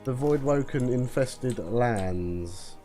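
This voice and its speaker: A man talks his way through a game at an unhurried pace, his pitch bouncing around as he mutters to himself. His tone is mellow and relaxed. Game music plays faintly behind him. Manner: chatty, muttering to himself, British slang. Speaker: gaming video host. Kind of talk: let's play commentary.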